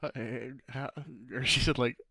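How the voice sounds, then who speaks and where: A man's voice: mid-range voice, fairly even intonation, moderate pace, sharp tone, no room sound. A man co-hosting a casual podcast, telling a story with lots of restarts, trailing off and laughing. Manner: rambling storyteller, laughs often, trails off mid-sentence. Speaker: podcast co-host. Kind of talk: casual chat.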